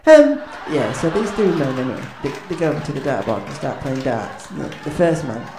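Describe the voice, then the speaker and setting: Speaking briskly and with animation, a mid-range male voice delivers awkward stand-up patter as a band's comedic frontman, mocking himself and hesitating with many ums and restarts. Background noise and faint ambience come through in the echoey room.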